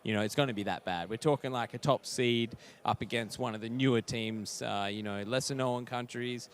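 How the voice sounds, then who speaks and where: A man's voice: medium pitch, fairly quick. A man doing blunt, joking live esports commentary and analysis. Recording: faint music behind.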